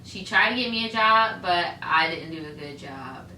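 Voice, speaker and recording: A woman's voice: on the low side, lively intonation, normal speed, pushed and bright. A woman co-hosting a casual podcast, chatting loosely with plenty of swearing and laughter. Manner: loose and profane, laughs often. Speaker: podcast co-host. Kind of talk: casual chat. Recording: roomy, distant mic, faint hiss.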